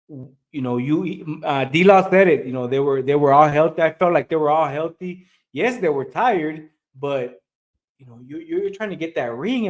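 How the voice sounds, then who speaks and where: A frustrated man rambles through his point on a sports talk show, piling up fillers between his thoughts. His voice sits a little high. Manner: rambling, frustrated, full of "you know".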